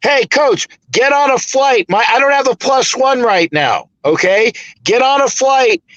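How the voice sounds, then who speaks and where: A man's voice: extremely high pitch, animated, a little slow, fairly bright tone, no room sound, dull audio. A man hosting a casual sports podcast, talking in an emphatic, rambling way with some swearing. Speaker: podcast host.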